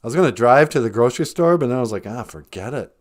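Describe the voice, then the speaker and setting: A man's voice: medium pitch, lively intonation, racing. A man hosting a comedy show, joking and chatting in an easygoing way. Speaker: host. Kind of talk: comedic cartoon show banter. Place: outdoors in winter, then indoors.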